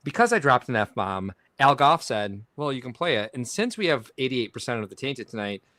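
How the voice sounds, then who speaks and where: A man's voice: mid-range voice, normal speed, no echo, clean studio sound. A man hosting a casual livestream podcast, chuckling as he reads viewer comments aloud. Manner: animated, chuckles while reading comments aloud. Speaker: podcast host.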